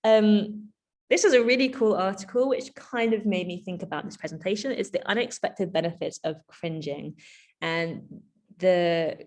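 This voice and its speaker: A woman giving a conversational keynote to teachers. She is chatty and animated, with frequent asides and fillers. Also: lowish voice, normal speed. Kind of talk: conversational presentation.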